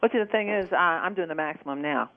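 A woman's voice: lowish voice, fast, no room sound. A woman calling in to a radio show over the phone, chatty, agreeable and eager to learn. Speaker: caller. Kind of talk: call-in question. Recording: dull phone line.

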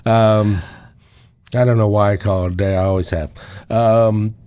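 A man hosting an interview, chatting in a relaxed way and asking questions. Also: fairly low pitch, normal speed, clear, resonant tone, no echo. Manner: relaxed, conversational, asks questions. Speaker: interview host. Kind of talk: casual interview chat.

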